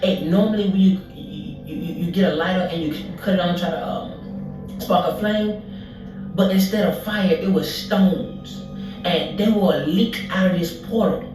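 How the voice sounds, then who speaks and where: A speaker recounting a vivid dream in a halting way, with many restarts and fillers, heard as a played recording. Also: mid-range voice. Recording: echoey, distant, with music behind.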